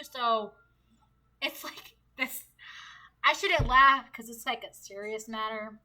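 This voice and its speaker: A woman's voice: fairly high pitch, takes it slowly, pauses often, bright, forceful tone. A woman giving a casual tarot reading, chatty and slangy, often laughing between points. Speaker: tarot reader.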